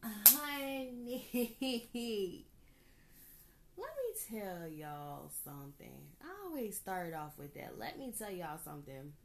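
A woman in her thirties from Georgia hosting a casual solo podcast, chatty and animated, laughing often. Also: mid-range voice, takes it slowly. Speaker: podcast host.

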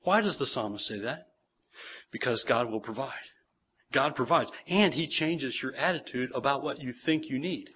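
A man's voice: on the high side, a bit bright. A man in his forties preaching a sermon, earnest, repeating phrases for emphasis and checking in with listeners. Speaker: pastor.

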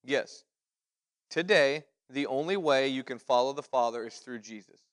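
A man's voice: mid-range voice, moderate pace, smooth, long reverb tail. A man leading a Bible study, teaching in a folksy, conversational way with family stories and quoted dialogue.

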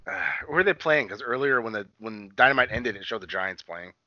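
A man's voice: on the low side, animated, brisk, pushed and bright, no echo. A man co-hosting a casual wrestling recap podcast, rambling and swearing, full of fillers and restarts. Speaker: podcast co-host. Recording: dull lo-fi sound.

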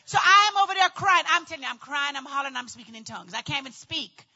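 A woman in middle age telling a personal story in a dramatic, animated way, acting out voices and often shouting. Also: sits high, fast, muffled recording. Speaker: storyteller recounting childbirth.

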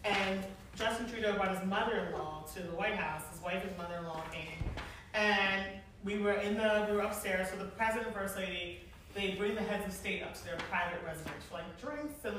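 A woman in her forties telling stories to a live audience, animated and chatty, often laughing. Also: medium pitch, a little hiss or hum. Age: 40s. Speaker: event planner and speaker. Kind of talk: storytelling talk to a live audience. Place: large room with an audience. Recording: echoey room, mic from far off.

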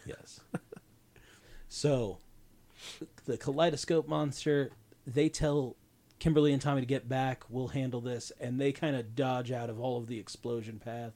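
A man's voice: medium pitch, steady tone, a little slow, long pauses, mellow. A man co-hosting a casual podcast chat, easygoing, chiming in and finishing his partner's thoughts. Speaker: podcast co-host. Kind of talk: casual chat recapping a TV episode.

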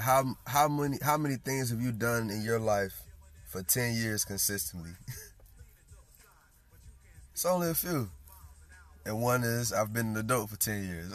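A man in his late twenties hosting a podcast in casual chat, hoarse from losing his voice, laid-back and slangy, chuckling between thoughts. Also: medium pitch. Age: late 20s. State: hoarse from lost voice. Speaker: podcast host.

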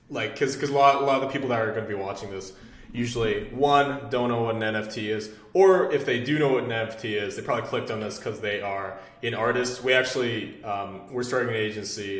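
A man's voice: fairly low pitch, a bit bright. Young man asking rambling questions, roomy. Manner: loose, rambling questions with filler. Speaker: podcast host. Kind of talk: casual podcast chat. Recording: roomy echo.

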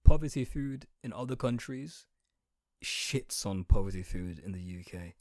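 A man's voice: lowish voice, animated, a little slow, darkish tone, no echo. Brief: a man from outside Britain, a profane comedic ranter with a dry, close sound. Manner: exaggerated, swearing, talks straight to the listener. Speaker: comedic commentator.

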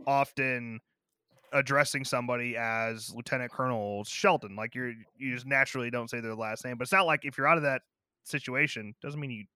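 Bright-voiced man on a dry podcast mic. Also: fairly even intonation, a little fast, clean tone, no echo. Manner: laid-back, acts out film quotes in higher voices. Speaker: podcast co-host. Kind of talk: casual movie review chat.

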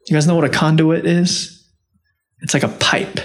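A man preaching a sermon, earnest and direct, rising to impassioned peaks and dropping low and soft when quoting. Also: steady tone, normal speed. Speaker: pastor.

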